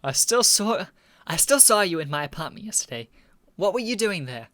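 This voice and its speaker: A man voicing a sharp, confrontational young woman basketball player who fires accusing questions. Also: sits high, big pitch swings, normal speed, no room sound, pitched above the performer's own voice, exaggerated voice.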